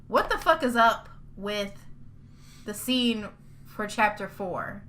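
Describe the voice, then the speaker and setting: A woman's voice: mid-range voice, animated, slow, a bit bright, slight background noise. A woman hosting a casual podcast, talking in a heated, profane rant and repeating her points for emphasis. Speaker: podcast host.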